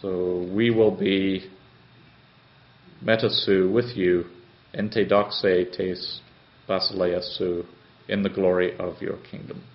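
Slow, methodical male language tutor. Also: sits low, flat delivery. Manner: slow and methodical, with many hesitations. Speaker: Greek tutor. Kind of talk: teaching a grammar lesson. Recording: slightly dull, lo-fi sound.

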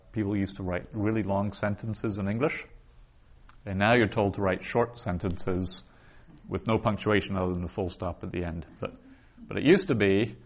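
A male teacher lectures a class in a slightly low voice. He explains each point patiently and in order, with ums and restarts along the way. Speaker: Hebrew teacher.

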